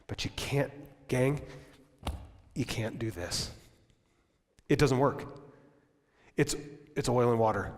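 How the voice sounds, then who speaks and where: A man, the pastor, preaching a lively sermon in a church. He acts out bits of dialogue in raised voices and drops to low, quiet tones for emphasis. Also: takes it slowly, long pauses. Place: church sanctuary. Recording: long church reverb.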